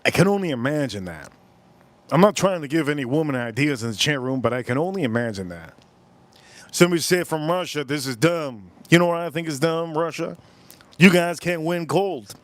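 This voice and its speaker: A man's voice: fairly quick, dry recording. Brash rambling man on a livestream. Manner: brash, rambling, crude joking with chat; animated pitch swings, pitch jumps up when exclaiming. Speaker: livestream host reviewing whiskey. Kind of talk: casual livestream chat reading comments.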